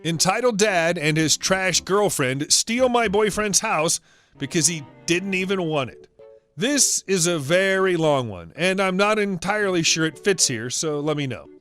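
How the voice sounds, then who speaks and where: A man reads a story aloud in scripted narration, quick and brisk. His voice sits a bit high and moves with a lively lilt, while soft instrumental music plays behind him.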